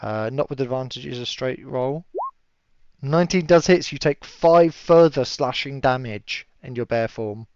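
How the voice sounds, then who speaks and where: Chatty game master, lo-fi sound. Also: male voice, mid-range voice, normal speed, a little mellow, clear, resonant tone, no room sound. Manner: chatty, laughs often, many fillers. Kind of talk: narrating a tabletop game. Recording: dull lo-fi audio.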